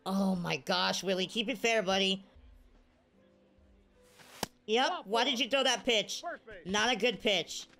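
Woman, gaming streamer, excitable play-by-play, mid-pitched, music in the background. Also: takes it slowly, creaky, pauses often. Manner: excitable, cheers and groans at plays. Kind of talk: live video game commentary.

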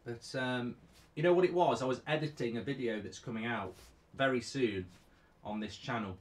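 A man's voice: mid-range voice, normal speed. A middle-aged man hosts a football watchalong live stream, chatting casually, reading out viewer comments and giving rambling, opinionated answers with many restarts.

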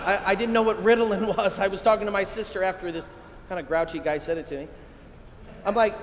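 A middle-aged American priest giving an excitable, energetic keynote talk to a men's conference, with sudden loud bursts. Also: male voice, high-pitched, fast, slight background noise. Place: large hall at a conference. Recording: echoey hall, long reverb.

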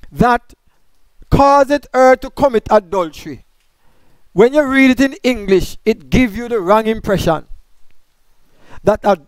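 A man's voice: sits high, darkish tone, no room sound. A man teaching a Bible study, explaining grammar point by point and asking questions that he answers himself.

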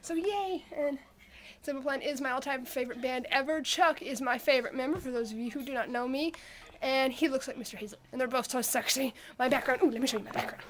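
Brief: young female vlogger, high-pitched and bright, bubbly rambling fan chatter, filmed at home in her bedroom. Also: steady tone, quick pace, slight background noise. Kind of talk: casual vlog chat.

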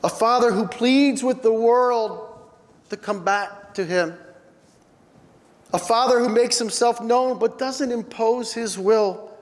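A man preaching a sermon as pastor, earnest and emphatic, lifting his voice on key lines. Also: extremely high pitch. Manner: earnest, slow, rising emphatic delivery. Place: church sanctuary. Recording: long church hall reverb.

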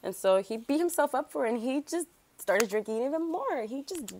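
A woman's voice: high-pitched, normal speed, a little hiss or hum. Chatty woman narrating a life-sim game. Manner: chatty, filler-heavy, rambling asides; animated, talks back to game characters. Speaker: let's play host. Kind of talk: casual gameplay commentary.

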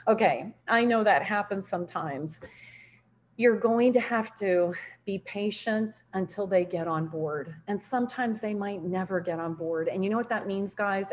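In a mid-range voice, a middle-aged woman gives a motivational training talk on network marketing. She tells stories in an upbeat, animated way and laughs frequently.

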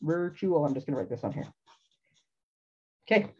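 A woman's voice: deep voice, very animated, normal speed, warm tone, lo-fi sound, slight background noise. A woman hosting a casual live craft demonstration from her home craft room, chatty and rambling, laughing often. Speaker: craft show host.

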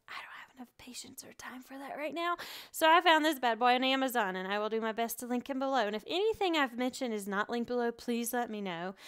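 Chatty woman with a smooth voice. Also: a little high. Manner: chatty and animated, laughs often. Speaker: online English teacher. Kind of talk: casual advice vlog.

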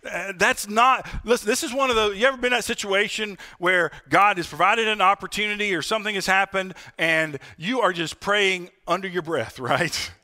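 A man's voice: sits high, moderate pace, few pauses, pushed and bright. A male pastor preaching a sermon in a conversational way, calling the congregation "friends" and asking them for an "Amen.". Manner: asks for "Amen?" responses. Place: church.

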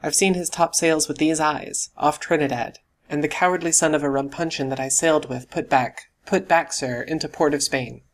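A man doing a blustering, booming squire. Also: steady tone, moderate pace, hardly any pauses, natural voice. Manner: booming, exclamatory. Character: blustering hot-headed middle-aged country squire.

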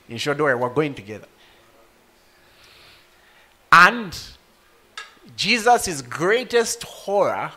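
A man preaching a sermon to a congregation, rising to loud emotional peaks and speaking directly to his listeners. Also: fairly high pitch. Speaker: pastor.

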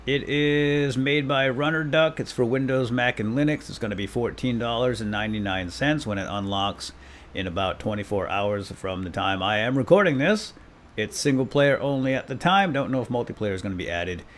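A man's voice: mid-range voice, normal speed, a little hiss or hum. A man hosting a let's play, chatting casually and self-deprecatingly to viewers and now and then barking playful orders at his game crew. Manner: breaks into loud mock-commanding calls at the game crew. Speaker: gaming channel host.

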